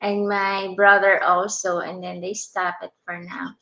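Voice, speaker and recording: A woman from the Philippines co-hosting a casual live stream, speaking softly and chiming in briefly with an occasional laugh. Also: medium pitch, flat delivery, measured pace, roomy sound, low-quality recording. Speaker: co-host, the host's partner.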